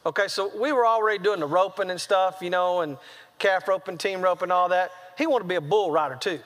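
A high-pitched male preacher with a drawl tells his sermon as a comic story. He acts out each quote with lively voices. His voice rings out with a long echo through a large hall. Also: brisk. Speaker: traveling preacher.

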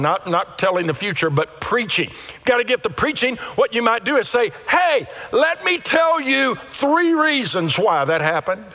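A pastor delivers his sermon in a slightly higher voice, acting out what different churchgoers might say with real animation. His words ring out through a church sanctuary, trailing a long reverb behind them. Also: pushed and bright.

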